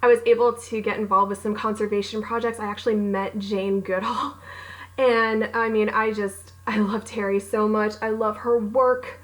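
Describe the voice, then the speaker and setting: A woman's voice: mid-range voice, level tone, moderate pace, rough recording. A young adult woman who is an author, chatting casually about favorite books with bubbly, gushing enthusiasm and acting out her own reactions. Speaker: author and book vlogger. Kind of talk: casual book recommendation vlog.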